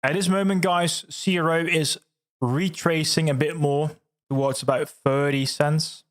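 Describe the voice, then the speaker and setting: A man hosting a livestream, chatting casually and reading out viewer comments, excitable, laughing often and repeating words. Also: a little high, measured pace. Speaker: livestream host.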